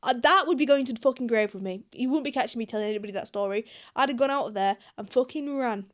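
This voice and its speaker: A woman's voice: on the high side, fast talker. A young British woman reacting to online confessions in casual, blunt commentary, swearing freely. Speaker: YouTuber.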